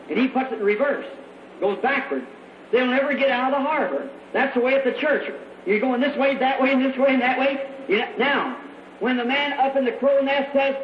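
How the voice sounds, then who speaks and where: A man's voice: very high-pitched, animated, normal speed, slight background noise. A man preaching a sermon in a fervent, folksy way, calling out to a church congregation. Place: church meeting hall. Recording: echoey, dull old hall recording.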